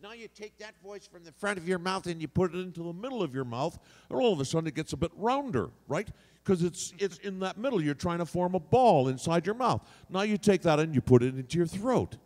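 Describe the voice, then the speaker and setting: Animated man teaching in an echoing hall. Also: sits high, a little fast. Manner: demonstrative, shifts voice placement freely. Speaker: voice actor on a convention panel. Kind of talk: teaching panel talk. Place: convention hall. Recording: long hall reverb.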